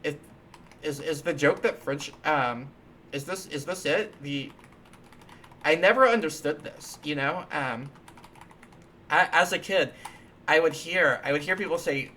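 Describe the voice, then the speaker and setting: Speaking at a fairly high pitch with a sharp edge, this man hosts a live stream while coding, talking a little slowly and pausing often. His chat is rambling and playful, full of restarts and fillers, and a faint hiss or hum sits under the recording.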